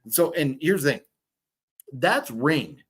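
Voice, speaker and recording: A man's voice: fairly high pitch, lively intonation, takes it slowly, fairly bright tone, breathy edge. A man in his fifties hosting a casual livestream, rambling and swearing as he reads chat comments. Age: 50s. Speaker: livestream host. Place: hotel room.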